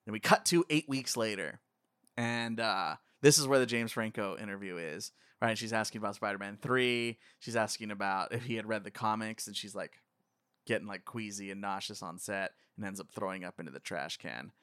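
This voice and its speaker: A man's voice: on the low side, moderate pace, a bit bright, clean tone, dry recording, clean studio sound. Laid-back man riffing on a movie. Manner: rambling, laughs often, quotes scenes in voices. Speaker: podcast co-host. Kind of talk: casual movie commentary chat.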